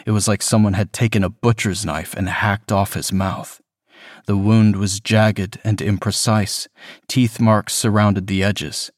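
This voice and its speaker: Man narrating horror, slow, low-pitched, measured, dry close recording. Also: flat delivery, dry recording. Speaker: reader.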